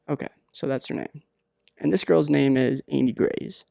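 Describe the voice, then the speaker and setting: A man hosting a podcast, giving rambling deadpan comedic advice with many halting fillers. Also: mid-range voice, creaky, no room sound, clean studio sound. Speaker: podcast host.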